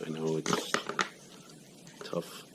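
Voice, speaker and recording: A middle-aged man working on his motorcycle in his home garage, breathing hard as he talks through each step in a plain, hands-on way. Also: very slow. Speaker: home mechanic. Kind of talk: casual how-to demonstration. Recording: noisy garage recording.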